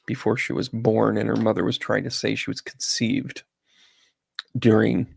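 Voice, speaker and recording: Man, gravelly voice, dry close mic, chatty rambling livestream host, talks to viewers by name. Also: lowish voice, little pitch movement, moderate pace, darkish tone, no room sound. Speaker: psychic medium host. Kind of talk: casual livestream chat with tarot reading. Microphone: sensitive close microphone.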